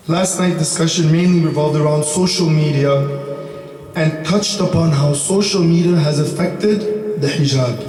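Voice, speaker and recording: A man with a hoarse, partly lost voice giving a measured religious lecture, repeating his points for emphasis. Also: a little high, a little mellow, faint music behind. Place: large mosque or community hall. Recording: distant mic in echoey hall.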